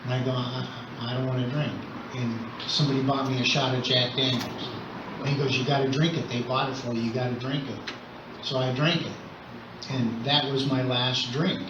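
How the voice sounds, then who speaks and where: A man's voice: medium pitch, flat delivery, moderate pace. An older man sharing his recovery story at a meeting, talking in a conversational way with wry humor. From Southern California. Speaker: AA meeting speaker. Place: meeting hall. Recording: roomy, distant, muffled with noise.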